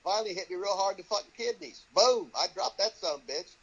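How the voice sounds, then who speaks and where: In an interview, an older man who trains wrestlers spins foul-mouthed stories, cursing nonstop and mimicking the voices of those he quotes. His high voice is husky, and he speaks quickly over dull, lo-fi audio.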